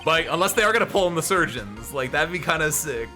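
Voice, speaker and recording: A man's voice: a little high, lively intonation, fast talker, few pauses, sharp tone, soft background music. A man streaming a live game playthrough, commenting casually in a rambling, filler-heavy way.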